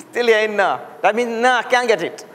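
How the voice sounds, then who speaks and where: High-voiced man drilling Sanskrit sounds. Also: normal speed, fairly bright tone, some chatter behind. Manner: drills sounds aloud for class to repeat, patient and playful. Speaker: Sanskrit teacher. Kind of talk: classroom pronunciation lesson. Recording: long hall reverb, faint noise.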